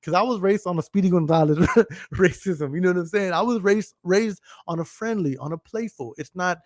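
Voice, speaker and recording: Profane rambling man, slightly high voice. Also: moderate pace, no echo, studio quality. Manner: profane, rambling, laughs often, repeats "you know what I'm saying". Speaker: podcast host. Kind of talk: casual podcast rant.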